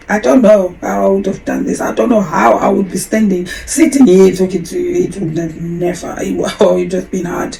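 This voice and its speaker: Gravelly-voiced woman telling a personal story. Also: medium pitch, mellow, low-quality recording. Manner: candid, emotional, rambling with restarts. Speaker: podcast host.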